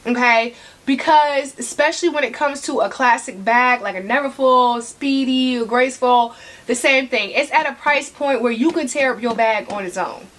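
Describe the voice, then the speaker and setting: A woman with a high voice talks straight to her viewers in a casual vlog. She wanders off on tangents and comes back, repeating key points to drive them home. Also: a bit bright. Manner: chatty, tangent-prone, talks to viewers directly; emphatic repeats for stress. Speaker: vlogger. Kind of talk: casual talk to camera.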